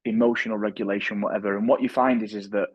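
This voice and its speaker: A man's voice: fairly low pitch, steady tone, fast, slightly rough, no echo, dull audio. A man speaking as a podcast guest and author, talking earnestly and often restarting his sentences. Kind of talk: reflective interview talk.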